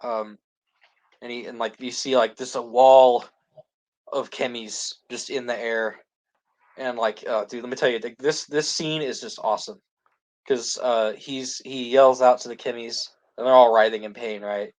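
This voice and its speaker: Here a podcast co-host recaps a series in easygoing talk, rambling along with constant "like" and frequent restarts. His mid-range voice is a little mellow, with fairly even intonation and a normal pace.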